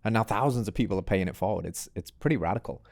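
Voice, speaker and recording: A man's voice: lowish voice, very fast, a little mellow, dry recording, clean studio sound. A man hosting a podcast, enthusiastic and asking long, probing questions. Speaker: podcast host. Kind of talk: casual interview.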